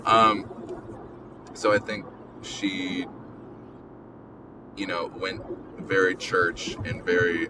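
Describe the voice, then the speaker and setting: A young man with a deep yet bright voice talks slowly about personal matters on a podcast, recorded in a car. He stumbles and restarts often, with hesitant ums. A faint hum of road noise sits under his voice. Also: fairly even intonation. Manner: halting, many ums and restarts, emotional. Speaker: podcast host. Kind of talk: casual podcast chat.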